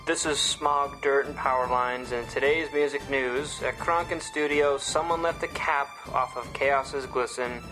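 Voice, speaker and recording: A woman with a low voice reads absurd comedy news in a flat, irritable tone. Music plays clearly behind her. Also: measured pace, hardly any pauses, rough recording. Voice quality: deadpan, irritable. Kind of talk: mock news bulletin.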